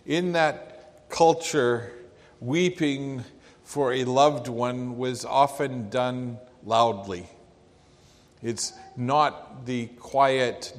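A man's voice: medium pitch, fairly even intonation. A man preaching a sermon, in an earnest and reflective way. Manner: slow, earnest, reflective delivery. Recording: long hall reverb.

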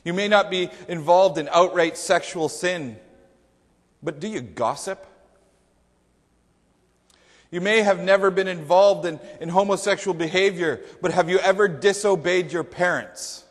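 A man's voice: high-pitched, unhurried. A man preaching a sermon to a congregation, conversational and emphatic, putting questions to the people in front of him. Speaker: pastor. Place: church sanctuary before a congregation. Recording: long hall reverb.

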